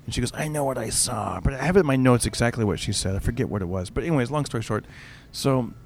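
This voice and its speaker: A middle-aged man chats casually, winding through an anecdote with restarts and fillers. He speaks as a comedian would offstage, animated and loose. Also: mid-range voice, rapid-fire, slight background noise. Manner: rambling, animated storyteller with many restarts and fillers. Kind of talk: casual storytelling chat.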